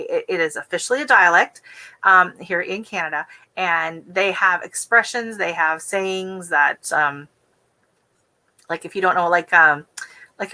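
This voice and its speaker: A woman from the West Coast of the United States hosting a casual gardening livestream, talking quickly and chattily with easy giggles. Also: lowish voice, pushed and bright, rough recording. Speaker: gardening channel host.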